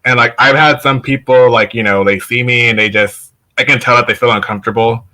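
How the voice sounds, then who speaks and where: A man with a bright, forceful voice at an ordinary pitch speaks as a guest on a casual show. He tells his stories in a loose, rambling way, full of "like" and restarts. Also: steady tone, brisk. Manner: chatty, lots of "like", laughs while telling stories. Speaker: podcast guest. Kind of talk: casual conversation.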